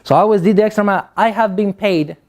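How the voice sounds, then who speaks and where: A man's voice: sits high, fast talker, a little mellow. A young man from Guatemala with a Guatemalan Spanish accent, giving a motivational speech to young people, joking and acting out voices as he tells stories. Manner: joking storyteller, acts out voices. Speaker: motivational speaker.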